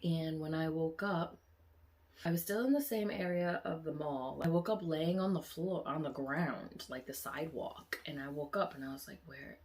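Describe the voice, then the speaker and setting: A woman vlogger telling a story casually and animatedly, with many fillers, rising loud and high when excited.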